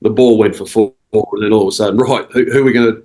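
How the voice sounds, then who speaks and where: A man's voice: fairly low pitch, steady tone, fast talker, a little mellow, low-quality recording. An Australian man, a cricket coach and podcast guest, telling stories in a rambling casual way with quoted dialogue. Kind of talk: casual storytelling interview.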